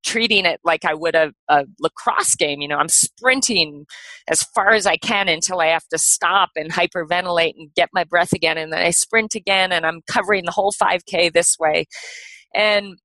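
Bright-voiced woman telling her story. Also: fairly low pitch, moderate pace, no echo, rough recording. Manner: animated, laughing, lots of "like" and "you know". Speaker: podcast guest. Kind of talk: casual storytelling.

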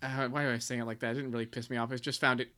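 A man's voice: mid-range voice, flat delivery, rapid-fire, bright, forceful tone. A man co-hosting a podcast in casual chat, rambling and sarcastic with mock-dramatic swings and frequent swearing. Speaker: podcast co-host.

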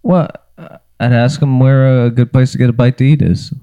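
A man talking as a podcast guest, answering in a hesitant, earnest, deadpan way with plenty of restarts. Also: mid-range voice, moderate pace, clear, resonant tone. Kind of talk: casual chat.

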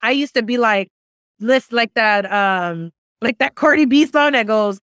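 A young woman of Central American background chatting casually, telling her story in an animated, frank way and swearing freely. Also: fairly high pitch, moderate pace, clean tone, dry recording, clean studio sound. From Central American family background. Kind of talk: casual chat.

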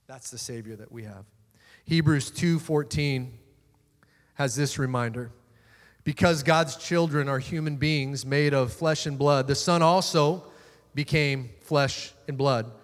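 A man preaching a sermon as pastor, moving between emphatic declarations and quiet asides. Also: a little high, steady tone, slow pace, in a large hall.

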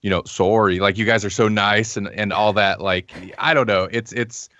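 A man's voice: on the low side, fairly even intonation, normal speed, bright, forceful tone, dry recording. A man from the United States talking in a casual chat, hesitant and careful in his words. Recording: slightly muffled audio.

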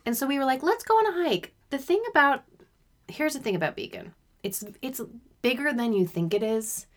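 Animated giggly woman podcast co-host. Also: a little high. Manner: giggly, animated, quick to react. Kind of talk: casual chat.

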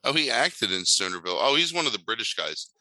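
A man's voice: medium pitch, sing-song, quick pace, pushed and bright, dry recording, rough recording. A man co-hosting a podcast in casual chat, sardonic and mocking, with frequent exclamations. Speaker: podcast co-host.

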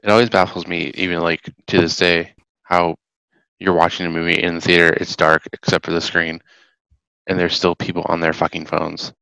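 A man's voice: sits low, flat delivery, normal speed, gravelly, pushed and bright, clear, resonant tone, dry recording, low-quality recording. A man chatting casually, making wry, exasperated remarks. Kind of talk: casual chat.

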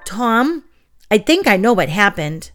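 A woman voicing a bouncy, excitable little witch girl who exclaims. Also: medium pitch, a little slow, over music. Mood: thoughtful.

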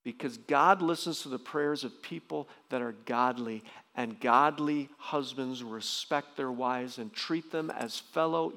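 A man preaching a sermon as pastor, emphatic, often jumping into loud, high bursts. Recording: long reverb of a large hall.

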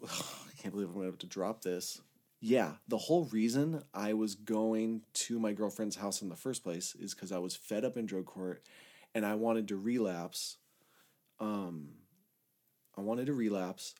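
A man casually telling a personal story in a rambling, candid way, swearing a lot and shifting between loud outbursts and low mutters. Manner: rambling, candid, heavy swearing, frequent "like" fillers. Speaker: storyteller recounting his own past.

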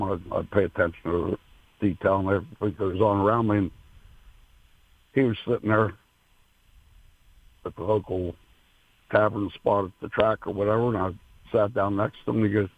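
A man, a racehorse owner, being interviewed over the phone, talking in a halting way with many fillers and restarts, emotional. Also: fairly low pitch, fairly even intonation, dry recording. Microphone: telephone. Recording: tinny phone line.

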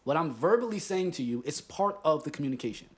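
Slightly high-voiced guy on a podcast, beer in hand, profane and emphatic. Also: animated, quick pace. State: drinking beer. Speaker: podcast co-host. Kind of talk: casual podcast chat.

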